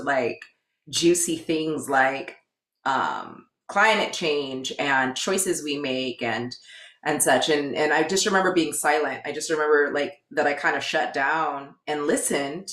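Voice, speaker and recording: A woman with a low voice, in her thirties, speaks in a reflective, searching way, circling back and restarting as she gathers her thoughts. The sound is roomy, with a noticeable echo around her. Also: fairly bright tone. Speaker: guest, educator. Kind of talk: reflective conversational storytelling.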